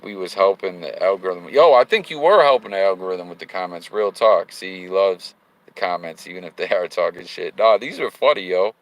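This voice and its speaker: Speaking fairly quickly in a low voice, a man hosts a livestream as he drives, loosely chatting and reading viewer comments in slang-filled talk that spikes into hyped bursts. The recording quality is rough.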